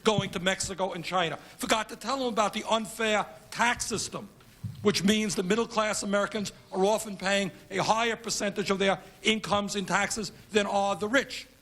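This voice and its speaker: A man's voice: sits high, fairly even intonation, moderate pace, a bit bright. A congressman giving an emphatic speech at a conference, building his points through repeated phrases.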